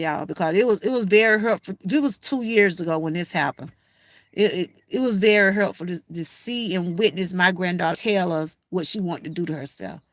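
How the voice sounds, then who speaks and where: An older woman with a Southern Georgia accent hosts a casual livestream, speaking directly to her viewers in a folksy manner. Her voice is mid-range, and the dry, clean recording has studio sound.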